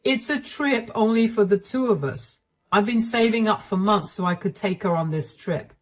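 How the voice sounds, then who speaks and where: A woman's voice: medium pitch, normal speed, lightly acted. A woman voicing a cold, dismissive middle-aged husband who talks down to his wife curtly. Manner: condescending, curt and dismissive. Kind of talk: storytelling dialogue.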